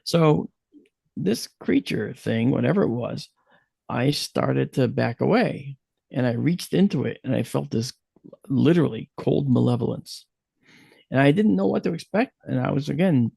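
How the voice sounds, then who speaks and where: A man from the USA telling a personal story in an online talk, acting out his own quotes with lively shifts. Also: mid-range voice, gravelly, slightly rough, dry recording. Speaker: guest speaker.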